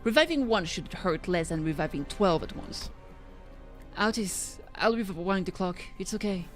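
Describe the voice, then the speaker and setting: A woman's voice: fairly low pitch, expressive, moderate pace, soft background music, natural voice. A woman voicing a firm, formal female aide in a game.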